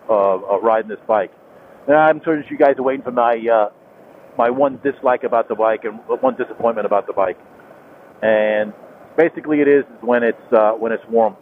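A man chats while riding his motorcycle, rambling and circling back with plenty of "uh"s and restarts. His voice sits at an ordinary middle pitch. The sound is thin and phone-like from a helmet mic, with faint road hiss underneath. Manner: rambling, repeats himself, many fillers and restarts. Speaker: motorcycle vlogger. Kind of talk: casual talk while riding. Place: on a motorcycle on a rural highway.

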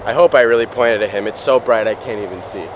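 A man vlogging with a handheld camera as he walks a museum hall, gushing with excitement. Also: on the low side, fast. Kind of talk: casual vlog commentary. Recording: noisy background.

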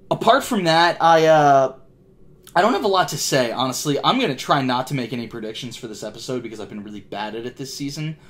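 A man's voice: medium pitch, fairly bright tone. A young man in a mid-range voice hosts a TV reaction video. He rambles casually, restarts his sentences and teases himself as he goes. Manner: rambling, self-deprecating, frequent restarts. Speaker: reaction channel host.

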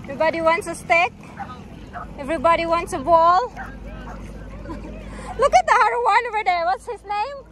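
Filming outdoors on her phone, a woman at the beach talks baby talk to her dogs in a sing-song way, giggling as she goes, in casual chat. Her pitch is extremely high, her pace moderate, and she pauses often. A crowd, wind, and water can be heard around her.

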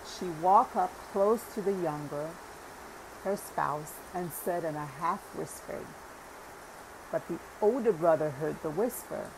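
A woman narrating an audiobook parable in a deliberate reading voice, now and then correcting a word. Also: fairly low pitch, background noise. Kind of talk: scripted narration.

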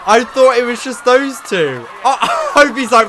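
A man's voice: extremely high pitch, measured pace, background noise. A young man hosting a reaction video in casual, rambling chat, gasping "oh my god" and filling gaps with "like". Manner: excitable, rambling, full of "like" and "oh my god".

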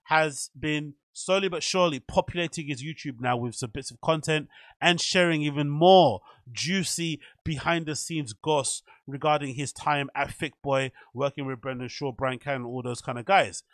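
A man's voice: on the high side, moderate pace, fairly bright tone, no echo, studio quality. A man hosting a commentary channel, chatting casually and rambling with fillers.

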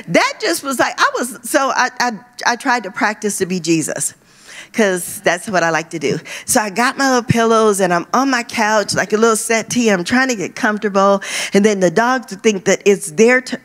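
A woman preaching a sermon in a church, conversational and playful, with lively asides. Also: on the high side, moderate pace. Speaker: pastor. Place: church stage.

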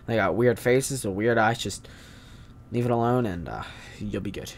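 A man hosting a gaming channel, rambling through Minecraft commentary and bursting into loud angry yelling. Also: lowish voice, moderate pace, gravelly, a little hiss or hum.

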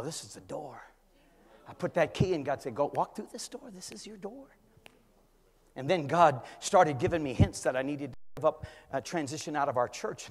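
An older man, a pastor, preaching a storytelling sermon that swings from quiet talk to shouting, in a church. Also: on the high side, slightly rough. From California. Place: church sanctuary. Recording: church hall with long reverb.

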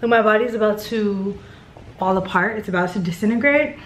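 A tired woman talks straight into her handheld camera, rambling and chatty. Her voice sits at a middle pitch, with a faint hiss behind her. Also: a little fast. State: tired and out of breath. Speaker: vlogger. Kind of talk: casual vlog chat to camera.

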